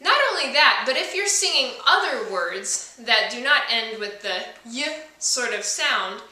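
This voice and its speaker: A voice teacher explains singing technique to the camera in a friendly way, adding sung demonstrations. Her voice sits on the high side, with lively intonation, a measured pace, and a sharp tone. The room is echoey and the mic is far away.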